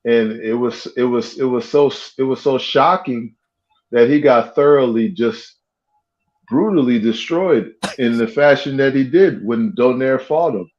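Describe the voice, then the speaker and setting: A man's voice: medium pitch, measured pace, darkish tone. Man on a muffled call line. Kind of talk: casual chat.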